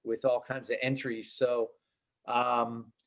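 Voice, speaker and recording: A man's voice: mid-range voice, little pitch movement, slow. A man hosting a live day trading room, chatting in an upbeat, chummy, rambling way. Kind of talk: casual live trading chat.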